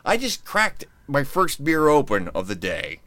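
A man's voice: fairly high pitch, huge pitch swings, a little slow, a bit bright, no echo. A man hosting his own podcast in casual chat, rambling and joking as he restarts his sentences. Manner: rambling, self-interrupting, joking. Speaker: podcast host.

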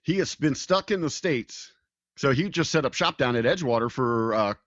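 A man's voice: medium pitch, animated, normal speed, a bit bright, dry recording. A man chatting casually as a podcast co-host, rambling through a story with plenty of fillers and false starts. His voice comes through dull and lo-fi, with a dry, close sound. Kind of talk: casual chat.

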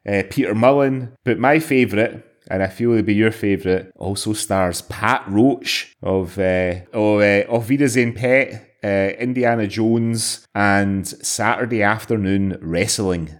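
A man co-hosts in a relaxed, rambling way and laughs easily. His voice sits low. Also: a little slow, hardly any pauses. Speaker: podcast co-host. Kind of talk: casual chat.

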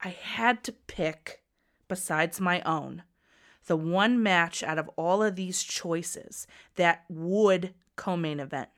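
A woman in her thirties hosting a podcast, bubbly and laughing, swinging from loud to soft. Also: lowish voice, smooth. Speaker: podcast host.

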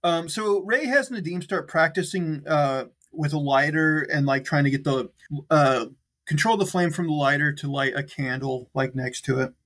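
A man's voice: fairly high pitch, moderate pace, fairly bright tone. A man co-hosting a casual chat, recapping a film in a rambling way with many fillers. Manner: rambling, lots of "like" and "um" fillers, laughs easily. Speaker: podcast co-host recapping a film.

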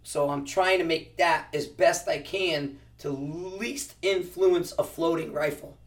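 A man's voice: on the high side, steady tone, slow, distant mic. A man who teaches precision rifle shooting, answering interview questions casually and explaining with practical analogies, often restarting his sentences.

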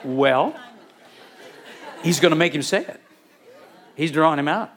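A male pastor delivers a sermon with animated energy. His voice sits a little high and swings widely in pitch as he acts out scenes from the Bible. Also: a little slow, a faint crowd, slight background noise.

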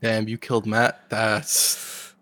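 A man's voice: on the low side, monotone, slow, sharp tone, dry recording. A man co-hosting a casual gaming podcast, laid-back and teasing. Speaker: podcast co-host.

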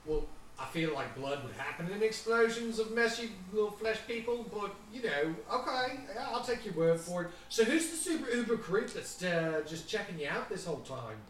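A man's voice: high voice, lively intonation, normal speed, hardly any pauses, recorded from a distance, a little hiss or hum, pitched above the performer's own voice. A man voicing a chatty, offbeat alien who rambles off on jokey tangents. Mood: rambling. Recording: very echoey room, voice off-mic.

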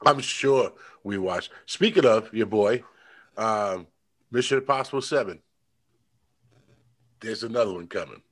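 A man in casual chat, husky-voiced, cracking crude jokes. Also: fairly low pitch, unhurried, long pauses. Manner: crude joking, quotes movie lines.

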